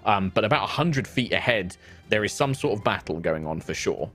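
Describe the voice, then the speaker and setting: A man's voice: lowish voice, expressive, a little fast, fairly bright tone, soft background music. A man narrating a tabletop game as game master, casual and vivid, with lots of fillers.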